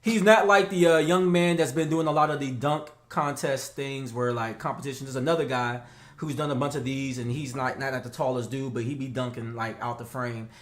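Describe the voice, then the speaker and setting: A man co-hosting a casual talk show, animated and slangy, laughing often. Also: mid-range voice, fairly quick, echoey room. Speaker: podcast co-host. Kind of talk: casual chat.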